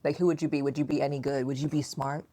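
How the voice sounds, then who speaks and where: A woman's voice: rumbling low, fast talker. A woman in her forties hosting a podcast, chatting casually and teasingly with her daughter and acting out quotes. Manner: animated, teasing, acts out quotes. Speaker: podcast host, mother. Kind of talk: casual chat.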